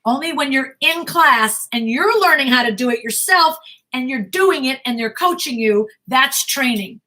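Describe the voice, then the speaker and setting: A woman's voice: high-pitched, lively intonation, normal speed, bright, forceful tone. A middle-aged woman acting coach answering viewer questions in a blunt, emphatic way, often repeating herself.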